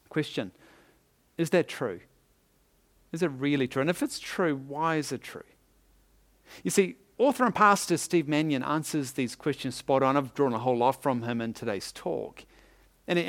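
Speaking a bit high for a man, a pastor tells his sermon like a storyteller, chuckling and tossing asides to the congregation along the way.

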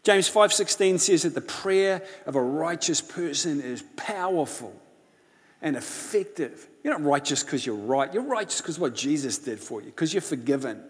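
Pastor, male, fairly high voice, impassioned storyteller; long hall reverb on the voice. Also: lively intonation, moderate pace, slightly rough. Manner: impassioned storytelling, swings from loud to hushed. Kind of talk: sermon.

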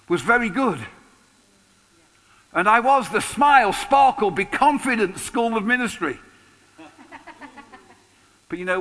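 Bright-voiced man in his sixties preaching. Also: high-pitched. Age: 60s. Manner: lively, conversational preaching with humor. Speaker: pastor. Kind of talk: sermon. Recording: long hall reverb.

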